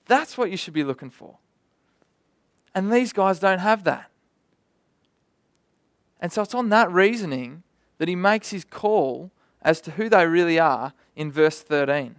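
A young man preaching a sermon in a lively, conversational way, with vivid asides and stories. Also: high-pitched, unhurried, long pauses, dry recording.

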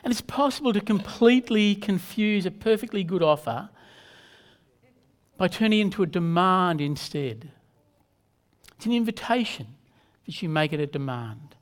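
A man, a pastor, preaching a sermon in an earnest, measured way, leaning on emphatic repetition. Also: high voice, animated.

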